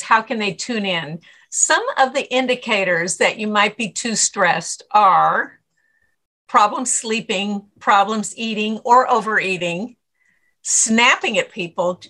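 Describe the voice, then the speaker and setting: A middle-aged woman, a stress coach, answering interview questions and telling lively anecdotes in which she acts out her own inner voice. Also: medium pitch. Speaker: author and stress coach guest.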